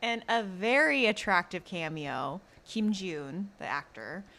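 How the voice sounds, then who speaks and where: A woman co-hosting a podcast, recapping a drama in casual chat, animated with many fillers and laughs. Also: lowish voice, unhurried. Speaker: podcast co-host.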